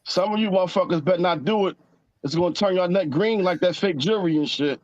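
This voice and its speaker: A man co-hosts a podcast with crude, teasing remarks. His voice is high for a man. The sound is dry and a little dull. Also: fast, darkish tone, no echo. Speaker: podcast co-host. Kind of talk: casual chat.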